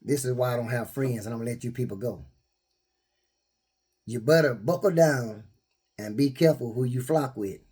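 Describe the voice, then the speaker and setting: A man's voice: medium pitch, normal speed, long pauses, slightly rough. A man telling everyday stories and quoting scripture in a casual, laughing preaching style. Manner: laughing, animated storyteller who quotes scripture. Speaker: spiritual vlogger.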